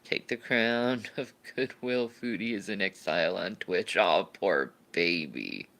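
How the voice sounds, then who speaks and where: A woman's voice: rumbling low, unhurried, fairly bright tone. A woman livestreamer chatting casually and answering viewer questions, rambling and laughing, often restarting her sentences.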